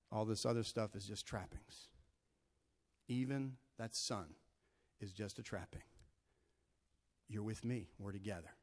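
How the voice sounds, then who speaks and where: A man voicing God as a calm, patient father, speaking low and hushed to encourage a struggling believer. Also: natural voice.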